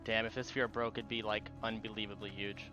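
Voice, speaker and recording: A man's voice: fairly low pitch, level tone, brisk, highs cut off, music in the background. A male streamer commenting on his own game as he plays, muttering and swearing in frustration.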